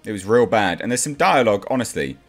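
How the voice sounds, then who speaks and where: A man's voice: fairly low pitch, very animated, fast talker. A man giving a casual, blunt movie review in a ranting way, with faint music behind him.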